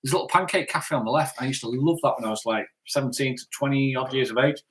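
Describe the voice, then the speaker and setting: A man's voice: mid-range voice, quick pace, a bit bright. A man co-hosting a casual live stream, chatting in a jokey way and reading out viewer comments, often stumbling over words.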